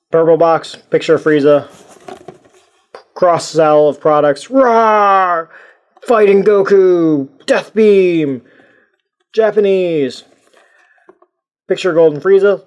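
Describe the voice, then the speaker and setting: A man's voice: a little high, darkish tone. A man giving a casual toy review, rambling and joking at his own expense. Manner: rambling, jokey and self-mocking.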